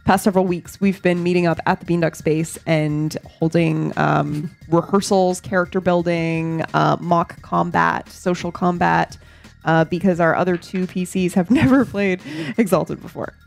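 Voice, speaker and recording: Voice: medium pitch, fairly even intonation, moderate pace, vocal fry, faint music behind. A co-host chatting casually about the channel and game rehearsals. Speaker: channel spokesperson and player. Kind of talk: casual chat.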